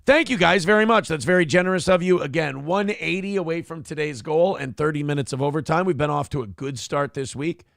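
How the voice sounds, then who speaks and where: A man's voice: a little high, fairly quick, vocal fry, few pauses, a bit bright, no echo, studio quality. A man hosting a morning talk show, ranting in a casual, profane, exasperated way.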